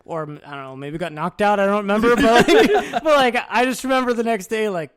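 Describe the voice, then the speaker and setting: A man's voice: high-pitched, fairly quick. A young man telling a barracks story in casual, profane chat, laughing often and acting out what people said. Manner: animated, profane, laughs often, acts out quoted lines. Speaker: podcast guest.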